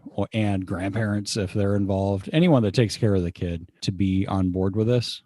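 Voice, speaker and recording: A man co-hosting a casual podcast chat, calmly reading out parenting advice from an article. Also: on the low side, moderate pace. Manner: relaxed, reads out article quotes. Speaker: podcast co-host.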